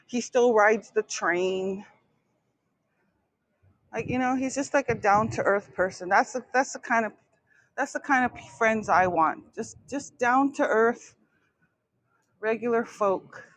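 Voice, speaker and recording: A woman's voice: fairly high pitch, slow pace, long pauses, fairly bright tone, no echo, poor audio. A woman chatting casually on a live stream, rambling with many fillers and restarts, outdoors near traffic.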